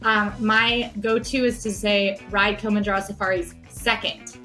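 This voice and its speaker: A woman co-host in a casual panel chat, upbeat and giving clear, practical tips. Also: mid-range voice, level tone, moderate pace, sharp tone, faint music behind. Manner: upbeat, explains plans clearly.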